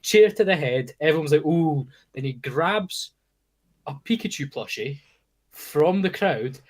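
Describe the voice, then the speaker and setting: Young guy, voice a bit high, super keen about wrestling stuff, swears a lot. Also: expressive, a little slow. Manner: enthusiastic, swears casually. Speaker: podcast guest. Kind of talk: casual chat.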